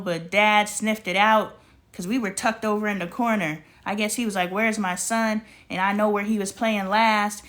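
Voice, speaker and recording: A woman's voice: medium pitch, a bit bright. A woman vlogger telling a casual story, acting out the dialogue and adding spiritual, preachy asides.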